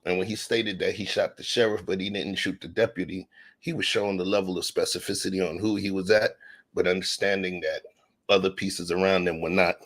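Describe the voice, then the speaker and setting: A man's voice: sits low, little pitch movement, brisk, fairly bright tone. A man hosting a casual podcast chat, emphatic and laughing, with lots of 'you know'. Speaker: host.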